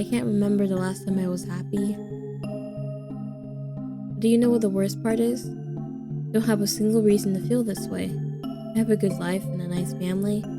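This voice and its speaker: A woman's voice: mid-range voice, lightly acted. A woman voicing a depressed, exhausted young woman in a visual novel, weary and self-loathing. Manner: weary, hollow, bursts into bitter anger.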